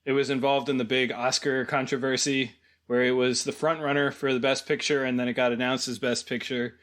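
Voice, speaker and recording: Wry deadpan male podcast co-host. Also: medium pitch, a little fast. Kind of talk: casual chat.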